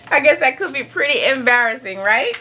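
A woman reading a picture book aloud for children as a storytime host, playful and animated, acting out sound-effect words. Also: high voice, a little slow, slight background noise. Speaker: storytime reader.

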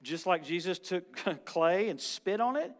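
A man with a somewhat high voice preaches a lively, animated sermon. He jumps between loud, excited bursts and quieter, low-key asides. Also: measured pace. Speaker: guest preacher.

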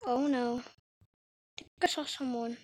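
Slow-talking high-voiced woman gamer. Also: fairly even intonation, darkish tone, dry recording, low-quality recording. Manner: playful, teasing and jokey. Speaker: YouTube gamer. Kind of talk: casual gameplay commentary.

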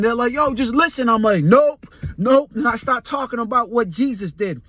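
A man's voice: high voice, dry recording. A man giving a fervent personal testimony, earnest and repeating phrases for emphasis. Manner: tells events as a dream story. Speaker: Christian testifier.

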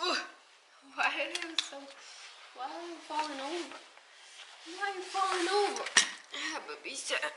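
A woman's voice: very high-pitched, normal speed, long pauses, very noisy. A young woman in her late teens, a mother filming a casual home vlog and talking to her baby in sing-song baby talk, indoors at home on a handheld camera.

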